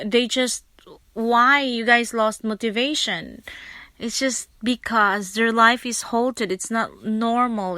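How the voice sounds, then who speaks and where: Bright-voiced chatty woman podcaster. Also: fairly high pitch, smooth, no room sound. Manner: chatty, rambling storyteller who breaks off and restarts. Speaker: podcast host and teacher. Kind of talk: casual podcast monologue.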